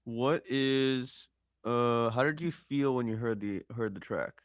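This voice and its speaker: A mid-pitched man asks about his music over an online call, restarting his questions as he works them out. The sound is dry and close, with no room around it. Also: slow pace, smooth, no echo. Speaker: composer asking for feedback. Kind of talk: casual chat.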